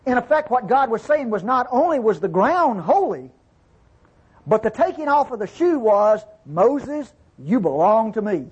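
A husky, fairly high male voice that swings widely as he teaches scripture. He alternates between reading verses aloud and explaining them informally, often turning to his listeners to ask if they follow. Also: big pitch swings, measured pace, highs cut off. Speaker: Bible teacher. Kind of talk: conversational Bible teaching.

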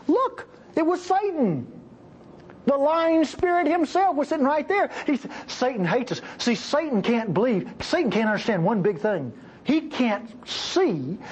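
A man preaching a sermon with passion, acting out the voices he quotes and jumping between high and low. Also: a little mellow, slightly rough.

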